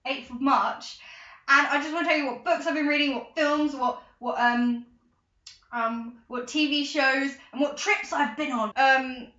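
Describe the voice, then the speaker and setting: An excitable teenage girl, chatting and rambling to her camera in a casual vlog. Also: high-pitched, normal speed. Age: teens. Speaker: vlogger. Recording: echoey room, dull lo-fi sound.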